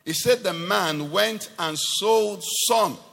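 A man's voice: high-pitched, slow, creaky, fairly bright tone, long reverb tail. A man preaching a sermon to a congregation, asking questions and rising into emphatic declarations.

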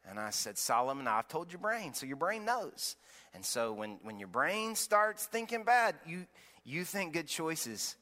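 A man in his thirties preaching a sermon, his bright, forceful voice sitting a little high for a man. He tells his points like stories, circling back and restarting phrases as he goes. The sound rings with the long reverb of a large church hall. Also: sing-song, measured pace. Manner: conversational storytelling preacher with restarts. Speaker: pastor. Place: church auditorium.

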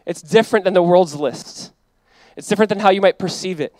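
A man in his thirties preaching a sermon as pastor, animated and emphatic, acting out quoted voices. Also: high-pitched, fairly quick, dry recording.

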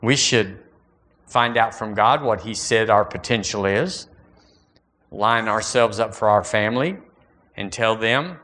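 A man preaching a sermon in a folksy, animated way, repeating phrases and rising into bursts. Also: fairly low pitch, unhurried, long pauses. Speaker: pastor.

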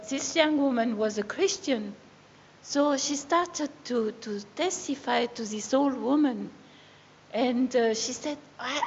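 A woman's voice: fairly high pitch, gravelly, a little mellow. An older woman with a French accent telling an earnest faith story to a church congregation. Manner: earnest storytelling, some hesitation. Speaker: preacher's wife giving testimony. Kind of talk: sermon testimony. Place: church hall. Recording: echoey hall, muffled sound, faint background noise.

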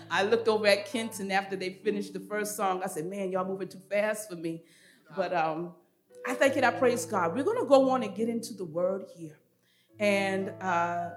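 A woman preaching a sermon in a church, leading the congregation in call and response and rising to loud emphatic calls before dropping soft again. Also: mid-range voice. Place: church sanctuary. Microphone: earpiece monitor and handheld or headset mic.

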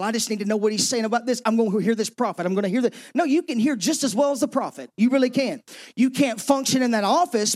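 A man with a strikingly high voice preaches a sermon as pastor. He presses his points with emphasis and sometimes sinks into hushed tones.

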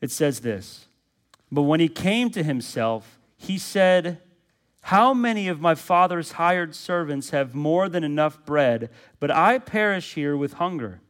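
High-voiced preaching pastor. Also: male voice, lively intonation, measured pace. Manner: preaching with emphatic repetition and rhetorical questions; swings from loud and high to low and quiet. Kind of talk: sermon.

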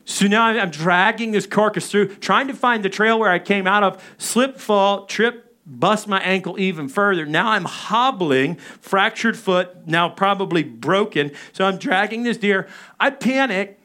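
A male pastor in his thirties delivers a sermon, launching into an animated personal story. His voice sits high and carries a bright, forward tone. He acts out his own frantic moments as he tells it. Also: unhurried. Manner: animated storytelling, acting out his own panicked radio calls.

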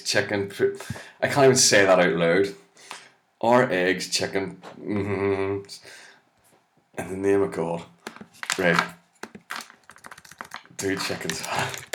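A comedian reading web articles aloud with exasperated, sweary, mocking asides. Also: male voice, low-pitched, takes it slowly, long pauses, fairly bright tone.

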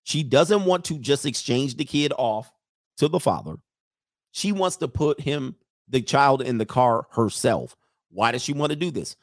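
A man's voice: medium pitch, expressive, unhurried, no echo, clean studio sound. A man hosting a reaction commentary, talking about a video clip in an emphatic, sarcastic way. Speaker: commentary host.

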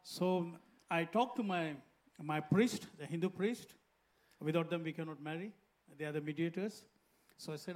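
A man's voice: a little high, moderate pace. A middle-aged man from India with an Indian accent, English not his first language, earnestly telling his testimony as a guest pastor into a handheld mic. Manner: simple, earnest storytelling. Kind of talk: personal testimony in an interview. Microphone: handheld microphone.

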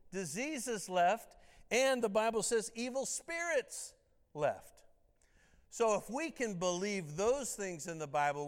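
A man with a high-sitting, clean voice preaches a sermon as pastor in a church sanctuary. His style is conversational, full of rhetorical questions, and the hall around him is reverberant.

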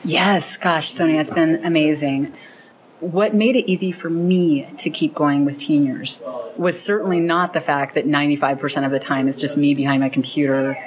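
A woman's voice: sits low, fairly even intonation, normal speed, rough recording. A woman being interviewed about the program she founded, telling stories earnestly and with enthusiasm. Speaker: founder of a program linking teens and seniors. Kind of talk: interview conversation.

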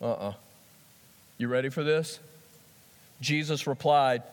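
A man preaching a sermon in an animated way, repeating phrases and swinging between soft and loud. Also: a little high, moderate pace. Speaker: pastor. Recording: long hall reverb.

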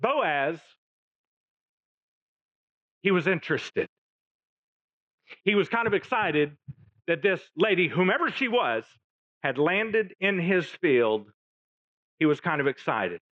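A man preaching, his voice rising and falling animatedly as he retells the story and drops in jokes. He sits a little higher than most men. The sound is dry and somewhat dull, like a lo-fi recording. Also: very animated, takes it slowly, pauses often, fairly bright tone, no room sound. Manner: storytelling with jokey asides. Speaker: pastor. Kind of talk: sermon.

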